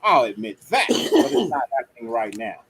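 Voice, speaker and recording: A man's voice: medium pitch, wildly swooping pitch, moderate pace, fairly bright tone, husky, low-quality recording. Drunk, rambling man on a video call. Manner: drunk, rambling and profane, laughing often. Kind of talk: casual chat.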